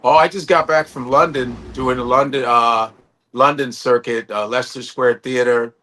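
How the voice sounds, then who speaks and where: A man, a stand-up comedian, telling stories animatedly on a video-call panel and slipping into quick impressions. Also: medium pitch, fairly even intonation, bright, forceful tone. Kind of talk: casual panel chat.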